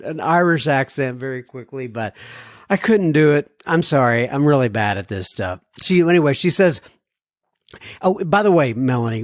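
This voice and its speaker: A man's voice: fairly high pitch, no echo, clean studio sound. An American man hosting a podcast, chatting casually between listener emails and laughing at his own jokes. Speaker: podcast host.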